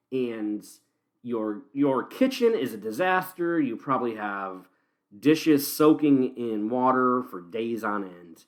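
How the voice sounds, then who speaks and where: A male podcast host talking alone into the mic, his pitch swinging up and down as he rants. He has had a few beers and it shows in his loose, meandering delivery. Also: normal speed. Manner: ranting, animated, swears. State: tipsy from beer. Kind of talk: solo podcast monologue.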